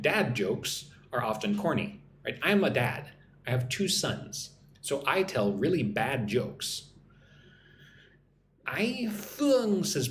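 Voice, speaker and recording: A man teaching English on a live stream, chatting as he reads out viewer comments and explaining slang with slow example sentences. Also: mid-range voice. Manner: chatty, reads viewer comments aloud and greets them in their languages. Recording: roomy echo with faint background hum.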